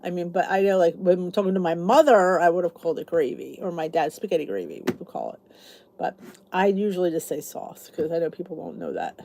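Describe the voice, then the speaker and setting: A woman's voice: lowish voice, animated, a little fast, gravelly, dark tone. A middle-aged woman with a Philadelphia accent, chatting casually with live viewers on her channel and answering their comments in a rambling way. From Philadelphia area. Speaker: YouTube channel host.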